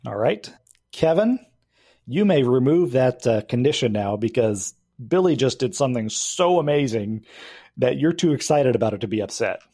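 Man, game master, narrates tabletop game, explains rules, hesitant, mid pitch. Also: expressive, moderate pace, mellow, breathy edge.

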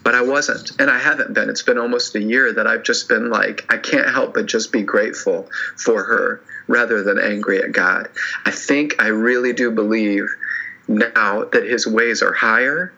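Male podcast guest, earnest and teary, halting delivery, very bright tone; lo-fi muffled recording. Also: on the low side, steady tone, gravelly. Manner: earnest, halting, many restarts and "you know". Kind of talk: emotional personal interview.

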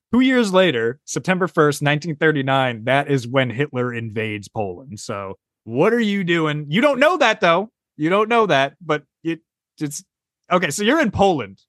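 A man's voice: on the high side, sing-song, moderate pace, a bit bright, no room sound, studio quality. A man hosting a casual podcast, quizzing his guests with playful hypotheticals. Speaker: podcast host.

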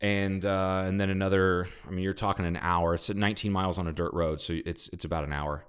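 Low-voiced man telling a story. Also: flat delivery, fast, clear, resonant tone. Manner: storytelling, swearing, acts out quotes. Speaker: podcast co-host. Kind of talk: casual chat.

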